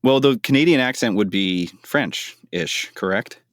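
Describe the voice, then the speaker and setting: A man co-hosts a movie podcast and thinks out loud, hedging and circling back as he talks. His very deep voice moves with lively swings in pitch. The recording is close and dry. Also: unhurried, no room sound. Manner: rambling, hedging with fillers. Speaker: podcast co-host. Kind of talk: casual chat.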